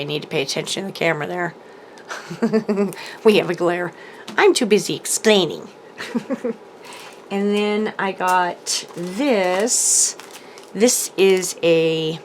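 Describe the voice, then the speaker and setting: A woman in her home craft room talks through her latest supply haul. Her voice sits a little low and she takes her time, full of ums and easygoing enthusiasm. There is a faint hum of room ambience behind her. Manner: chatty, enthusiastic, frequent ums and laughs. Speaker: crafting channel host. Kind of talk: casual haul video chat. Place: home craft room, showing products to camera.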